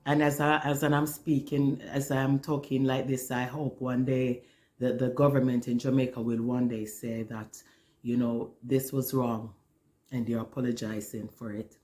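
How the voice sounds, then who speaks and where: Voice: medium pitch, little pitch movement, unhurried, darkish tone. An earnest, emotional speaker telling a personal spiritual testimony, often repeating words while searching for the next one. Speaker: spiritual storyteller.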